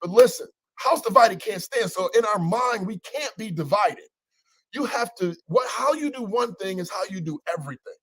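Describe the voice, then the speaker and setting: A man hosting a casual motivational talk as a coach, energetic and teasing, with preacher-like repetition. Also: sits high, normal speed, husky, no room sound, poor audio. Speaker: coach and show host.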